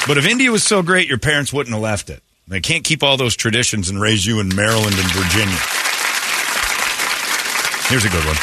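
A man's voice: lowish voice, lively intonation, fairly quick, long pauses, over a noisy crowd, heavy background noise. A man hosting morning radio, joking animatedly and mimicking callers in put-on voices. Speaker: radio show host.

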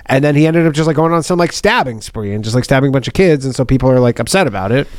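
A podcast co-host with a mid-pitched male voice who rambles casually through a story. The sound is close and dry. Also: expressive, racing, dry recording. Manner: rambling, lots of "like" fillers. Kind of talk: casual chat.

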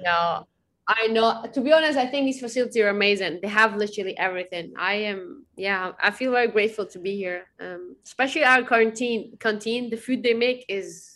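A young woman guesting on a podcast chats casually and tells stories in an animated, bubbly way, laughing often. Her voice is mid-range and fairly quick.

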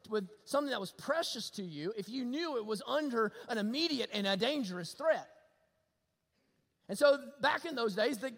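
A man preaching a sermon, telling a story, shifting between loud emphasis and hushed low lines. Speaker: pastor. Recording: long hall reverb.

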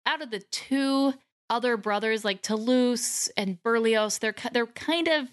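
A woman's voice: fairly high pitch, measured pace, no room sound, studio quality. A woman from the United States co-hosting a podcast, chatting casually about a movie and laughing often. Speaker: podcast co-host.

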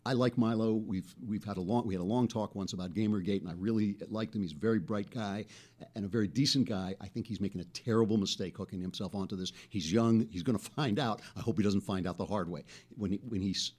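A man hosting a casual political commentary show, talking in an animated, chatty way and laughing between points. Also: lowish voice, fast. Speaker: host.

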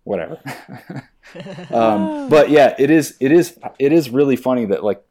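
An actor on a podcast chats casually in a medium-pitched voice, speaking a little slowly. He tells animated stories and acts out exchanges in mocking voices.

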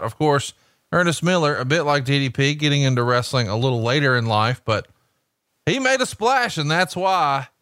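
A man hosting a casual podcast, offering commentary and deadpan jokes. His voice sits in a mid range. The mic is close and dry. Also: mid-range voice, dry recording. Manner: dry, joking asides. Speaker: podcast host.

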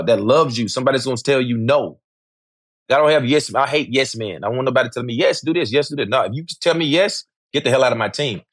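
A man's voice: medium pitch, no echo, clean studio sound. A middle-aged man, speaking candidly as an interview guest, emphatic and repetitive, swearing freely.

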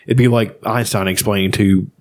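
A man's voice: fairly low pitch, steady tone, normal speed. A man chatting casually on a podcast, rambling and swearing freely as he retells movies. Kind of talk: casual chat.

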